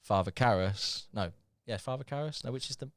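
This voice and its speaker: A man's voice: mid-range voice, a little fast, fairly bright tone, no room sound, clean studio sound. A man co-hosting a casual podcast, rambling and correcting himself as he goes. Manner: rambling, self-correcting, laughs easily. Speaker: podcast co-host. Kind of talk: casual, sweary chat.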